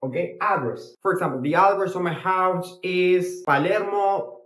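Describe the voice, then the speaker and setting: High-voiced Argentine man teaching in an echoey room. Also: fairly bright tone. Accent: Argentine Spanish. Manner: explains slowly, repeating words, switching between English and Spanish. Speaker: Spanish teacher. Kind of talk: casual language lesson.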